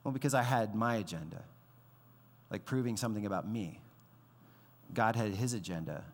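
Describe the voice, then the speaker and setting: A man in his thirties preaching a sermon as pastor, conversational and animated, acting out the voices he quotes. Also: on the low side, normal speed. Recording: long hall reverb.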